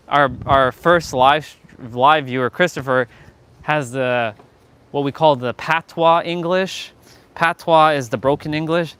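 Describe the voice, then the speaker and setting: A man's voice: a little high, slow, pauses often, a bit bright, clean tone. A man with a Southern American accent chatting casually on a live stream, playful and rambling, answering his viewers and laughing often.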